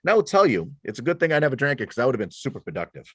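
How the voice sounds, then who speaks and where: Animated storytelling veteran man, dry close sound. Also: mid-range voice, racing, husky, no room sound. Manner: animated storyteller, self-deprecating, many restarts. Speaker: guest, former police officer and military veteran. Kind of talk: casual podcast conversation.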